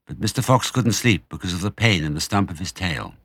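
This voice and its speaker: Expressive older man reading a story. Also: low voice, a little fast, husky, no room sound. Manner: expressive, dramatic. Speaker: narrator.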